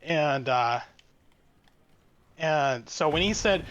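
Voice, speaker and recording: A man guest telling a work story in a casual, halting way, full of fillers and restarts. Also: mid-range voice, fairly bright tone, highs cut off. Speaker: streamer guest.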